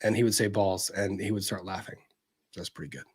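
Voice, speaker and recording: A man hosting a livestream, chatting casually and gently as he answers viewer messages, with plenty of fillers and restarts. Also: deep voice, steady tone, a little fast, husky.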